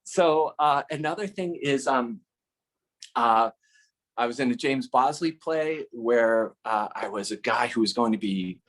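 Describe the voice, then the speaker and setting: A man telling a casual, funny personal story in a middle-pitched voice. He talks loosely, with frequent ums and restarts, and slips into acting out what people said. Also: measured pace. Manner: animated, acts out dialogue with many fillers and restarts. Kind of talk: casual spoken anecdote.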